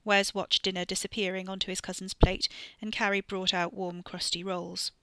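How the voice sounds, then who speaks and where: A woman narrating a novel in a measured, even way. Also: medium pitch, smooth, no echo. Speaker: audiobook narrator. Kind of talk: scripted narration.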